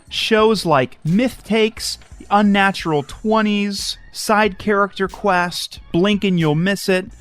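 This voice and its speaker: A man co-hosting a spooky podcast, joking and chatty, reading plugs and phone numbers slowly. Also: high-pitched, a bit bright, faint music behind. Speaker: podcast co-host. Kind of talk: casual chat.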